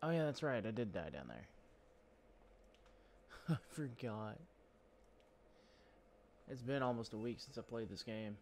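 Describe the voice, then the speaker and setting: A man's voice: medium pitch, lively intonation, unhurried, long pauses, a little mellow, a little hiss or hum. A man casually commenting while he plays a video game, chatty and rambling, joking about himself. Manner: chatty, rambling, self-deprecating. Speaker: gaming channel host. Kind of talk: casual let's-play commentary.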